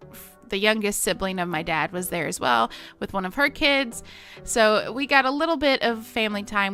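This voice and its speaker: Casting: woman, late 20s, Southern lilt, bright voice, chatty and self-deprecating vlogger, faint music bed. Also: mid-range voice, clean tone. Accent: Southern American. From Missouri. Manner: rambling and self-mocking, lots of fillers and laughs. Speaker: gaming vlogger. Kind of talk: casual chat over gameplay.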